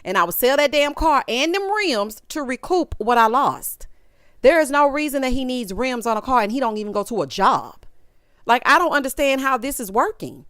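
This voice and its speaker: Sassy woman dishing on reality tv, smooth clear voice, dry close sound. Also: high voice, big pitch swings, normal speed, fairly bright tone, dry recording. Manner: sassy, exasperated, quotes people in voices. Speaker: reality TV recap host. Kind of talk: casual commentary recap.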